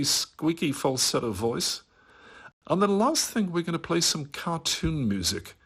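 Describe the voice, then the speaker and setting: Male facilitator, calm guided-visualization delivery, raspy and gravelly. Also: medium pitch. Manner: slow, soothing guidance with playful rising bursts.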